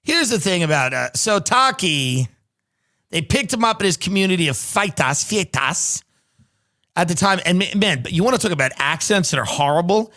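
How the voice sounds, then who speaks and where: A man's voice: sits high, lively intonation, normal speed, sharp tone. A man hosting a comedy podcast, reading news aloud and breaking off for sarcastic jokes. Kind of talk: casual comedic commentary.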